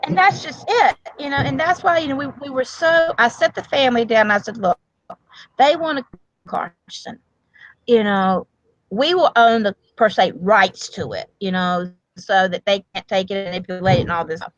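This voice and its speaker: A woman's voice: a little high, normal speed, no room sound, highs cut off. A woman, a grandmother and medical provider, talking earnestly and at length in a casual interview, with many restarts. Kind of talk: emotional casual interview talk.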